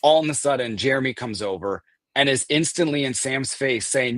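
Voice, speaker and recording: A man as a guest, telling a story in casual talk, animated and swearing, acting out the people he quotes. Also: mid-range voice, moderate pace, slight background noise. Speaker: guest recounting an event.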